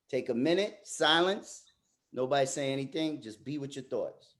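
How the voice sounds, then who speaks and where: A man's voice: medium pitch, animated. A man facilitating a fathers' group workshop who talks emphatically and often repeats words as he restarts. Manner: turns soft and slow in reflective parts. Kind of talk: motivational workshop talk.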